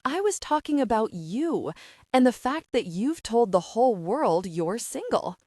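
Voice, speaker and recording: A woman's voice: a little high, sing-song, measured pace, dark tone, dry recording, clean studio sound, voice pushed up. A woman voicing an indignant, flustered young woman who gets defensive and stammers, in an audiobook reading.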